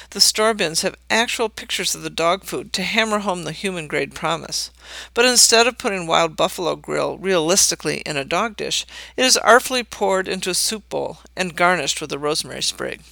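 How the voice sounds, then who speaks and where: Male narrator, wry scripted essay read, dry close sound, gravelly tone. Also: sits high, bright, forceful tone, no echo.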